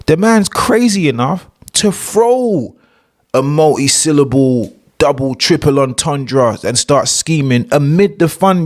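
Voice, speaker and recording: A young British man chatting excitedly and using slang while he reacts to a video on a live stream. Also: a little high. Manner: chatty, slangy, hyped, talks over the video. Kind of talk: casual live-stream commentary.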